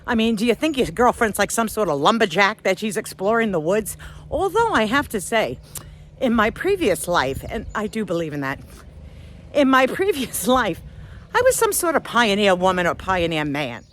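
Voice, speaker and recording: A middle-aged woman vlogger telling a story on a walk outdoors, animated and self-mocking, laughing often. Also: mid-range voice, normal speed, a little hiss or hum.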